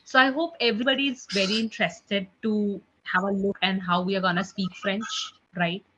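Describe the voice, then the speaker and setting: A woman runs a live online language class, her voice bright and forward. She talks in a loose, chatty way, full of "guys" and "okay". The sound is muffled and lo-fi, as on a video call. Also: medium pitch, fairly even intonation, normal speed, a little hiss or hum. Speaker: online French tutor.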